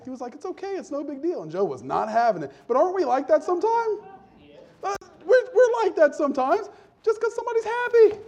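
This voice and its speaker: Male pastor, casual storytelling sermon, voices the people in his stories, a touch high-pitched. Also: mellow. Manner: conversational, humorous, mimics people in quick voices.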